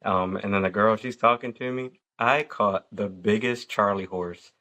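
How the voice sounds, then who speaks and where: A man in his mid-thirties hosts a relaxed podcast conversation. He has a bright, forceful tone sitting a little low in pitch, and he tells stories animatedly, acting out what people said. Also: normal speed. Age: 30s. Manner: animated storyteller acting out quotes. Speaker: podcast host. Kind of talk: casual chat.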